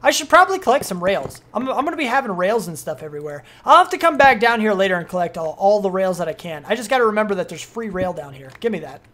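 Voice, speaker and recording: A young adult streamer giving casual, rambling gameplay commentary, excitable and full of fillers. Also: mid-range voice, fast, few pauses.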